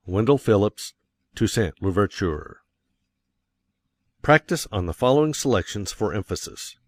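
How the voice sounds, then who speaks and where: Low-voiced man reading an audiobook. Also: very animated, measured pace, long pauses, no room sound. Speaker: audiobook reader. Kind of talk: scripted audiobook narration.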